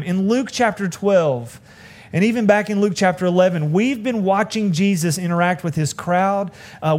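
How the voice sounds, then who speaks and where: Chatty pastor. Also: male voice, high voice, darkish tone. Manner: conversational, self-deprecating storytelling with asides to the congregation. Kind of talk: sermon. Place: church sanctuary.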